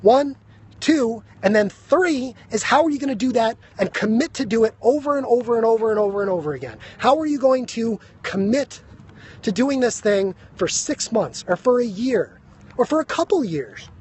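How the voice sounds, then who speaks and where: A man giving a fast, emphatic motivational talk on a phone live stream, out of breath, and he keeps asking "right?". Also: very high-pitched, lively intonation, a little mellow, breathy edge. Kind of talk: energetic motivational talk to viewers. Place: high school grounds.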